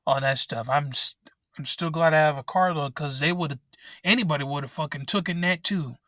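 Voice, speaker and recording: A man's voice: a little high, moderate pace, a bit bright, no room sound, studio quality. Angry man ranting in his car. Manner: angry, frustrated, swearing often. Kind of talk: ranting vent vlog. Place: inside a parked car. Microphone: laptop microphone.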